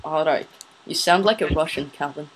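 A let's play host chatting casually while gaming, excitable and saying "dude" a lot. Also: mid-range voice, normal speed. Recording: noisy home recording with clicks.

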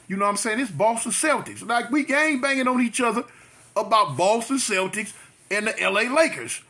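A man's voice: sits high, expressive, moderate pace, pushed and bright. A man in his fifties from South Central Los Angeles, telling a story to his channel in a chatty way, with repetitions and street slang. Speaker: vlogger. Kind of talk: storytime monologue.

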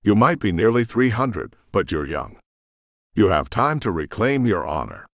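A man voicing an ancient, stern male demon blacksmith, gruff and commanding, in an audiobook. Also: fairly low pitch, sing-song, normal speed, fairly bright tone, no echo, studio quality. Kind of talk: audiobook character voice.

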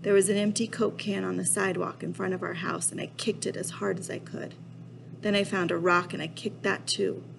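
A woman reading a children's novel aloud in a steady, expressive storytelling voice. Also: fairly low pitch, gravelly, background noise. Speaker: reader.

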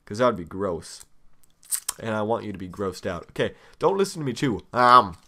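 Young male let's play host, slightly low voice, chatty, teasing and impatient with his opponent. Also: animated, moderate pace, bright, forceful tone. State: eating chocolate while talking. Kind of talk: casual gaming commentary.

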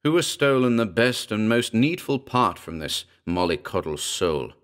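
A man's voice: on the low side, big pitch swings, unhurried. A man reading the part of a bitter, brooding writer who speaks in a tense, agitated way, in a horror audiobook.

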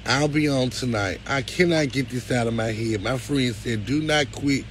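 A man's voice: mid-range voice, moderate pace, a bit bright, slight background noise, poor audio. A man talking to his viewers on a livestream, emotional and close to tears, with a preacherly lift. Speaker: live-stream host.

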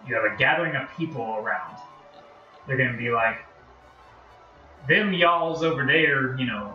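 Bright-voiced Northern American man rambling. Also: fairly low pitch, far from the mic, lo-fi sound. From United States. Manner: rambling, chatty, self-deprecating. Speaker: live-stream host. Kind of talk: casual chat while live-streaming a game. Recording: roomy, off-mic, music behind.

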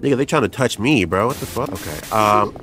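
A man's voice: on the low side, lively intonation, a little fast, fairly bright tone. A young man doing let's play commentary as a gaming YouTuber, cursing, stammering and joking as he reacts. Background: game music.

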